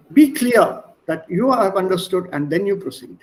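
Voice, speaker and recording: A man's voice: high-pitched, expressive, normal speed, hardly any pauses, rough recording. A man teaching an online class over a video call, repeating and spelling words and coaxing his students to speak. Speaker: language teacher.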